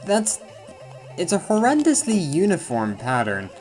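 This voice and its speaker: A man's voice: high voice, huge pitch swings, a little slow, a little mellow. A man giving casual, rambling commentary over a video game he is playing, with self-deprecating jokes and frequent asides. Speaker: let's play commentator. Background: faint game music.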